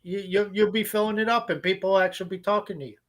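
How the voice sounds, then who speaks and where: Podcast co-host, male, high voice, blunt profane ranter. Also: fairly even intonation, fast, a bit bright. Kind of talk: casual podcast chat.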